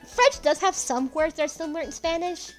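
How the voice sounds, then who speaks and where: Chatty high-voiced woman gamer. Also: fairly quick, soft background music. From Puerto Rico. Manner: giggly, chatty, swears casually. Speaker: let's player. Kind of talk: casual gaming commentary.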